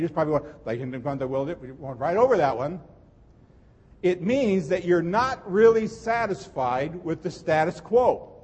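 Pastor, male, high husky voice, earnest emphatic sermon delivery, long church reverb. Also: darkish tone. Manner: earnest, emphatic preaching with repeated phrases. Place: church sanctuary.

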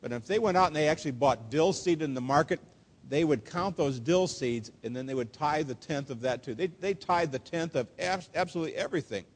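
A man preaching in a fairly high voice, earnest and emphatic, leaning hard on quoted phrases. His words ring out with the long reverb of a church sanctuary. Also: lively intonation. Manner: earnest, emphatic preaching with slow, stressed quotations. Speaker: pastor. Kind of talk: sermon.

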